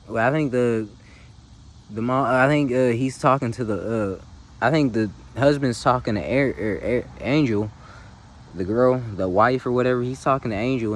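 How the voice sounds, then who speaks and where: A man's voice: mid-range voice, slight background noise. A man casually retelling a film's plot in slangy, loose talk, often checking in with the listener. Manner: slangy, loose, full of "you feel me" asides. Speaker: movie recap host. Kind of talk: casual film recap.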